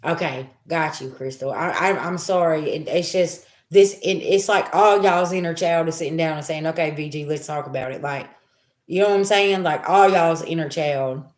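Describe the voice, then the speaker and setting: A woman's voice: low-pitched, normal speed. Woman psychic reader, blunt and slangy, talks straight at you, roomy echo. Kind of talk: live spiritual reading.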